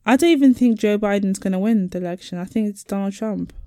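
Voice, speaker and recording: A woman's voice: mid-range voice, fast, warm tone, no room sound, studio quality. A woman co-hosting a casual chat podcast, telling stories animatedly and acting out the people she quotes. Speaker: podcast co-host.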